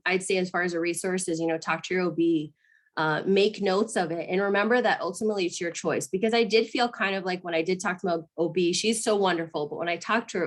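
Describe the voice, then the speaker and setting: A woman in her thirties from Arizona speaks as an interview guest, in an earnest, open way. Her talk is halting and full of restarts, and she often breaks into laughter. Her voice sits at a middle pitch. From Arizona, USA. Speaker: guest, mother sharing her story.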